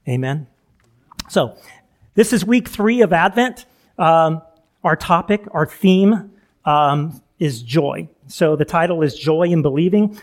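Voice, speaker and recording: A man's voice: on the high side, animated, takes it slowly. A middle-aged male pastor giving a chatty sermon, full of asides, laughing at himself and restarting sentences.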